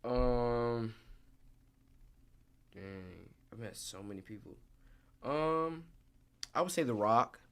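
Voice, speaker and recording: Young man telling animated stories. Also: mid-range voice, slow pace, long pauses, clear, resonant tone. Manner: animated storyteller, acts out quotes. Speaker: actor, interview guest. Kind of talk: casual interview storytelling.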